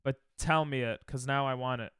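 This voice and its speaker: A man's voice: medium pitch, fairly even intonation, a little fast, a bit bright, clear, resonant tone, dry recording, studio quality. A young American man streaming a geography guessing game, thinking aloud and trash-talking his chat. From United States. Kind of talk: casual live-stream chatter while playing.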